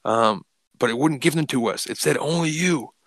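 A man's voice: on the low side, fairly even intonation, brisk, a bit bright, no room sound. A man voicing a frantic, obsessed male cult murderer in a casual retelling, his delivery rising and urgent. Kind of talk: casual quoted recap.

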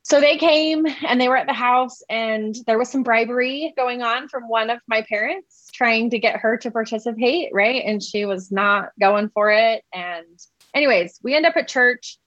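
A woman's voice: on the high side, moderate pace, a bit bright, no echo. A woman in her thirties, a mother telling a personal parenting story in a conversational way, often saying "like" and "right?". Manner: conversational, heavy use of "like" and "right?". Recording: dull, slightly muffled sound.

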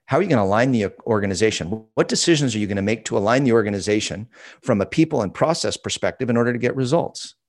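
A man's voice: mid-range voice, a little mellow. A man, an author and consultant, answering interview questions in an emphatic storytelling way that repeats key phrases.

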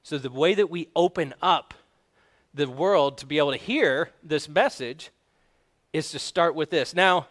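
A man preaching a sermon as pastor, in a conversational way with quick asides to the congregation. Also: on the high side, fairly bright tone.

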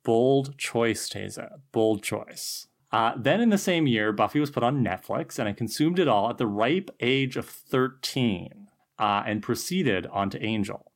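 A woman co-hosting a casual podcast, musing thoughtfully and chatting with quick asides. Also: very deep voice, lively intonation. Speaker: podcast co-host.

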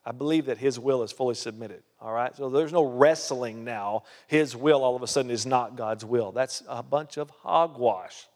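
A man's voice: mid-range voice, normal speed, hardly any pauses. Man preaching in an echoing church hall. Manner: emphatic preaching with rhetorical questions. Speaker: pastor. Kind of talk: sermon.

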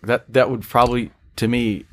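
A man's voice: medium pitch, steady tone, moderate pace, a bit bright. A man co-hosting a podcast in casual chat, thoughtful and analytical with slight stammers. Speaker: podcast co-host.

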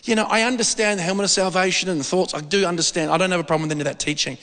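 A man preaching with a high, bright, forceful voice. He rambles and jumps into the voices of the people he quotes. A long reverb from a large hall trails every phrase. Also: steady tone, racing. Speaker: pastor. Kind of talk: sermon.

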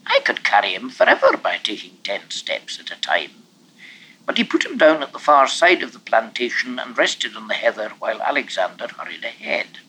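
A man narrating a novel in an expressive, measured reading voice. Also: medium pitch, a little hiss or hum, rough recording. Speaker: audiobook reader. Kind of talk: storybook narration.

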